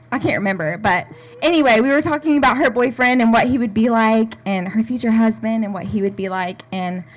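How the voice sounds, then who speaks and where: Twenties, woman, higher voice, unscripted rambling toast. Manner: casual, rambling, with fillers. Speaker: maid of honor giving a toast. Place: rehearsal dinner venue.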